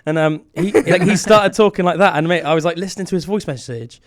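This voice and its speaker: A man talks in a quick, rambling way, piling up fillers as he tells stories on a podcast. His voice sits a little high for a man. The sound is close and dry, with no room behind it. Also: no room sound. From Britain. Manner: rambling, chatty storyteller with many fillers. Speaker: podcast host. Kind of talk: casual chat.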